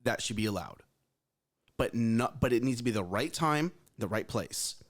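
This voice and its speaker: A man's voice: mid-range voice, expressive, moderate pace. A man co-hosting a casual morning talk show, speaking emphatically and repeating his points. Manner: emphatic, repeats phrases, advice-giving. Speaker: co-host.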